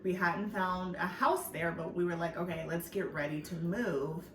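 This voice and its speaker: A woman's voice: fairly low pitch, steady tone, normal speed, fairly bright tone, slight background noise. A woman chatting casually to her vlog audience, laughing easily and saying "like" and "y'all" often. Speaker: vlogger. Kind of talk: casual family vlog chat. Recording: echoey room from a distance.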